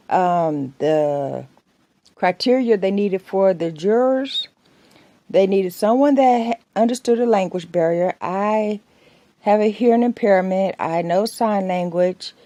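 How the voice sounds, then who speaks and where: A woman's voice: medium pitch, unhurried, mellow, no room sound. A woman vlogger chatting casually to camera, rambling through everyday anecdotes and laughing between them. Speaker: soap maker and vlogger.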